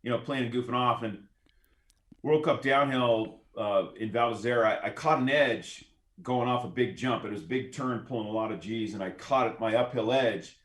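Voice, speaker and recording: A middle-aged man as a podcast guest, telling stories in an easygoing, relaxed way. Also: mid-range voice, normal speed. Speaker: guest, former Olympic skier. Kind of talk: casual interview conversation. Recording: roomy, echoey room sound.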